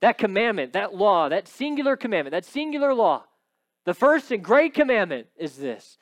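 A man preaching a sermon, emphatic and steady, often tagging points with a quick "right?". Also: high voice, no echo. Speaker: pastor.

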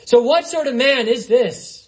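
A man's voice: very high voice, a little slow. A man preaching an expository sermon, conversational, with frequent asides to the congregation.

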